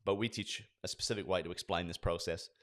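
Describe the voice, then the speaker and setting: A man with a notably deep voice teaches sales staff how to book meetings. He talks with energy and slips into acted role-plays of client conversations. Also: fast. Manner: energetic, acts out sales dialogues. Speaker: sales trainer. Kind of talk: instructional talk with acted role-play.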